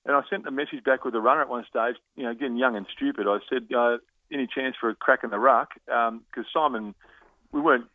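Fast-talking Australian man on a phone line. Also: mid-range voice, no room sound. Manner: lively anecdotal, laughs often, halting restarts. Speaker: former footballer guest. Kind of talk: phone interview storytelling.

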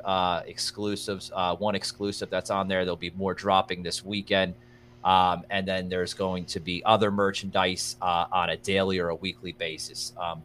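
A man's voice: deep voice, fairly bright tone, slight background noise. A young man hosting a casual livestream show, rambling and thanking viewers by name between many fillers. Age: young adult. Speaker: podcast host.

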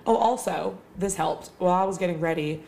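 A woman's voice: fairly low pitch, a little fast, gravelly, warm tone, slight background noise. A young woman hosting a casual solo talk, chatty and swearing freely, with lots of filler words.

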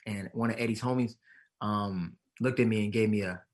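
A man's voice: lowish voice, normal speed. A man being interviewed as an actor and comedian, telling stories with acted-out quotes and frequent laughs. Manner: animated, acts out quotes, laughs often. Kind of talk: casual interview storytelling.

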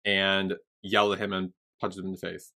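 A man's voice: sits low, completely flat delivery, normal speed, sharp tone. A young man co-hosting a podcast, casually recapping a TV episode in a rambling way, swearing freely and acting out characters' lines. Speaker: podcast co-host.

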